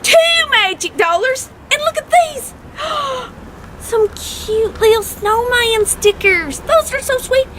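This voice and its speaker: Squeaky, bubbly woman hosting a show. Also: animated, slow, few pauses, a bit bright, a little hiss or hum. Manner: gushing and childlike, squeals with delight. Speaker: web show host. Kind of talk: bubbly comedic chat to camera.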